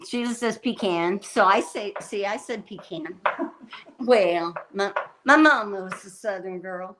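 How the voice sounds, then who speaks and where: Woman, livestream host, casual cooking chat, rambling, slow-paced, middle pitch. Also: background noise. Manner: rambling and chatty, often laughing and restarting. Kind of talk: casual chat with live viewers while cooking.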